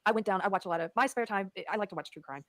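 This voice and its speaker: A woman's voice: mid-range voice, fairly bright tone, no room sound. A woman speaking earnestly in conversational podcast talk, restarting her phrases often, on a close mic. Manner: fast, earnest, many restarts.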